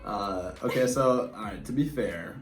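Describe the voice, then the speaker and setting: A man in his twenties, laid-back and halting, casually telling how he met his partner. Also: on the low side, soft background music. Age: 20s. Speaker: co-host telling a couple's story. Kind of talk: casual chat. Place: indoors at home in front of a screen.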